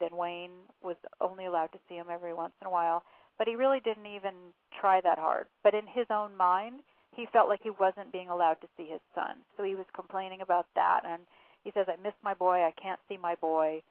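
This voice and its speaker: A woman with a lowish voice tells a story in a phone interview, acting out bits of dialogue between her fillers. The call sounds tinny and dry, as if heard down a narrow phone line. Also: no echo. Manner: recounting events with quoted dialogue and fillers. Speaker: author and interview guest.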